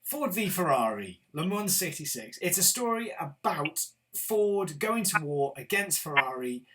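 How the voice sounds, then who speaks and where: A man's voice: a little high, sing-song, measured pace, fairly bright tone, slight background noise. A man from Britain hosting a casual film review chat, enthusiastic and opinionated, with the odd swear word. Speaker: film show host.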